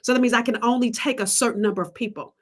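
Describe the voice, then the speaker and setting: A woman business coach pitching her coaching program on a livestream, emphatic and preacherly, calling out to the audience. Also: fairly even intonation, fast talker. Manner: emphatic, testifying, calls out to the audience.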